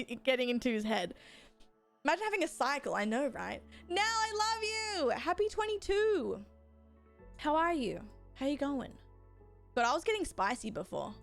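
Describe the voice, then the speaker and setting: Young woman, casual streamer chat, rambling and sweary, light higher voice, soft music bed. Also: vocal fry. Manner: chatty, rambling, swears, reads chat aloud. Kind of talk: casual chat while gaming.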